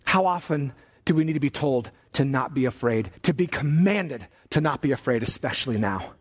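A man preaching a sermon as pastor, emphatic, slowing down and rising on key commands. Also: medium pitch, lively intonation.

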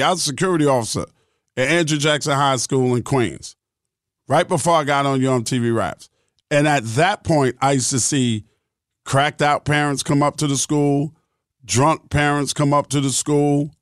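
A man's voice: on the high side, dry recording, clean studio sound. A middle-aged man hosting a podcast, talking in a blunt, profane and emphatic monologue. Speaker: podcast host.

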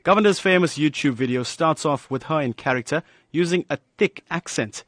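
A man's voice: on the high side, fairly quick, a bit bright, no echo. A male news reporter narrating a light feature in a polished, upbeat way.

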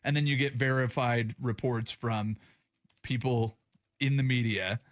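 A man co-hosting a radio talk show, chatting casually and joking, with an animated, jokey manner. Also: a little slow. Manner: animated, jokey, pitch jumps when excited. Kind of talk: casual chat.

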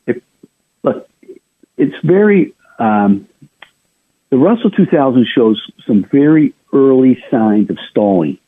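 A man's voice: mid-range voice, husky. A male radio host giving chatty financial market commentary, talking straight to his listeners with frequent restarts and asides. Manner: chatty, addresses listeners directly, many restarts. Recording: narrow phone-like radio sound.

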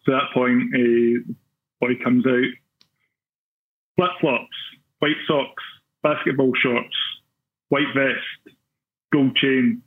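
Glaswegian guest storyteller, husky, tinny phone-like line, rambling and self-deprecating. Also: male voice, mid-range voice, level tone, slow pace, long pauses. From Scotland. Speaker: podcaster guest. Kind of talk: casual storytelling.

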